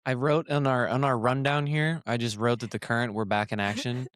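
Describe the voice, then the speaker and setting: A man's voice: mid-range voice, fairly even intonation, brisk, fairly bright tone, dry recording. An American man hosts a soccer podcast in casual chat and moves it from one topic to the next. He teases his co-hosts along the way. His voice sits in a middle range and sounds close and dry. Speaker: podcast host.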